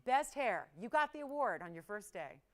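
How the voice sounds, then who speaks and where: A woman's voice: a little high, sing-song, normal speed. A woman hosting a live on-air jewelry shopping show, chatty and playful, laughing often and teasing the crew. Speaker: shopping channel host.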